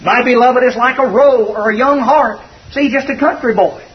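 A man's voice: very high voice, moderate pace. A man preaching a sermon in a folksy, conversational and earnest way. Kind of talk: expository sermon. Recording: dull distant recording.

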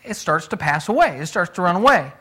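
Bright high-voiced man preaching a sermon. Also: big pitch swings, fairly quick, breathy edge. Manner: conversational teaching with rhetorical questions; repeats words when restarting, emphatic.

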